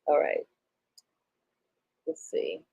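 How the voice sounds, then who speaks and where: A middle-aged woman, an interviewer and film critic, talking in a warm, expressive, chatty way and laughing easily. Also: drawn-out words. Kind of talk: casual interview and review recap.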